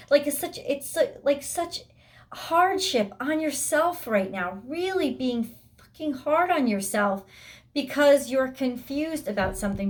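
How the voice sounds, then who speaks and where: A woman giving a weekly tarot reading, speaking bluntly and emphatically, swearing freely and voicing the listener's thoughts. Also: high voice. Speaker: tarot reader.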